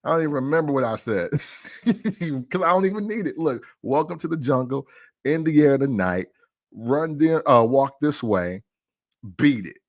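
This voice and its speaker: A man's voice: a little high, lively intonation, moderate pace. A man hosting a casual music talk show, arguing playfully and laughing often.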